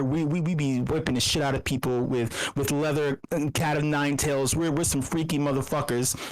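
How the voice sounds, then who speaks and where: A tired meetup host with a medium-pitched voice rambles through a comedic money rant full of profanity, stammering, restarting sentences, and throwing in mock quotes. The audio is rough, captured on a computer mic during an online meetup.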